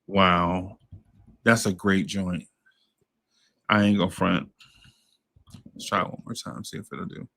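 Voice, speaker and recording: A man's voice: low-pitched, slow, vocal fry, pauses often, bright, forceful tone, slightly rough. A man hosting a casual group music draft, playful and slangy, laughing often. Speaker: podcast host running a music draft. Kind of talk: casual group chat on a video call.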